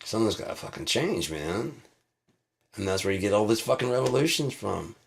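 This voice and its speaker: A man around fifty from the United States, ranting casually as a show host. He swears constantly, rambles loosely and breaks into loud laughing outbursts. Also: lowish voice, big pitch swings, fairly quick, creaky, slight background noise.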